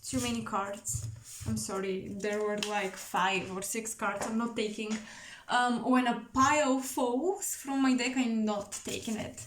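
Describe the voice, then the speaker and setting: A woman doing an intuitive tarot reading to camera, musing and searching for words with many pauses. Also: fairly high pitch, fairly even intonation, roomy sound, background noise. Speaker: tarot reader.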